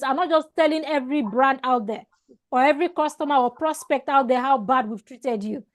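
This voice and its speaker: In an online training lecture, a woman with a high voice runs a customer service class over video call at normal speed. She's emphatic, restarts and repeats her phrases, and regularly checks "All right?".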